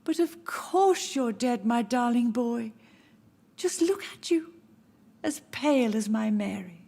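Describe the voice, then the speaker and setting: An actress playing a grieving, confused elderly mother who speaks softly and sorrowfully. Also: a little high, lively intonation, slow, creaky, exaggerated voice. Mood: sad, tender. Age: older. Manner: soft, sorrowful, gently insistent.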